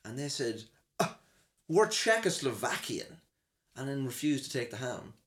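A man's voice: medium pitch, normal speed. A young Irish man hosting a podcast, rambling through funny anecdotes from his job, laughing at himself and mimicking the people involved. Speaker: podcast host. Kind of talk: comic storytelling chat.

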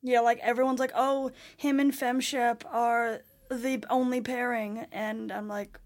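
A young woman co-hosting a casual podcast, her voice a little on the high side. She hedges her opinions and lets her sentences trail off quietly. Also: flat delivery, measured pace, few pauses.

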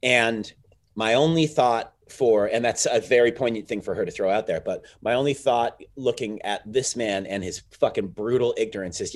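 A man co-hosting a casual podcast chat, talking in animated, rambling asides and swearing freely. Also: lowish voice, moderate pace. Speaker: podcast co-host.

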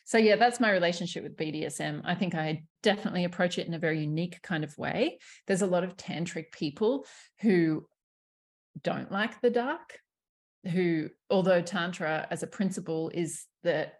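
A woman sexuality coach talking in a casual podcast conversation, candid and animated, swearing freely and laughing often. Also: lowish voice, fairly quick.

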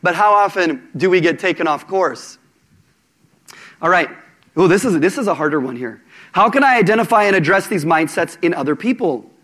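A man preaching a sermon to a congregation, conversational and animated, with jokes and asides to the audience. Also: high-pitched.

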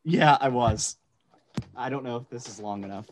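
A man co-hosting a podcast in casual chat, talking in quick animated bursts. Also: medium pitch. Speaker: podcast co-host.

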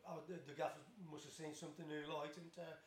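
A man's voice: on the high side, little pitch movement, fast, slight background noise. A man in his fifties with a Black Country accent from Tipton, telling rambling stories as a podcast guest, with lots of restarts and laughter. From Tipton, West Midlands of England. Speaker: guest, former footballer. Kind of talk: casual storytelling interview. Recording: roomy echo.

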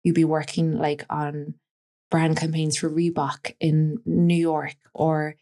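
A woman's voice: sits low, little pitch movement, slow pace, warm tone. A woman from West Cork with an Irish accent, a stylist chatting as a podcast guest and telling anecdotes full of "like" and "you know". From Ireland, West Cork. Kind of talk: casual interview storytelling.

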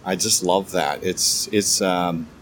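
A man giving a casual devotional Bible talk, enthusiastic but halting, often stammering and restarting his sentences. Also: low-pitched, steady tone, slight background noise. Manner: enthusiastic, keeps calling things cool. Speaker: Bible teacher.

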